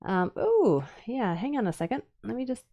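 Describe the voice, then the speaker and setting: A woman's voice: fairly high pitch, big pitch swings, normal speed, warm tone, dull audio. A middle-aged woman from the Upper Midwest with a Minnesota accent, chatting loosely on a live stream as a woodcarving teacher, rambling with fillers and restarts. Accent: Upper Midwest American. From Minnesota and Wisconsin. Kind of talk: casual live-stream chat while demonstrating carving.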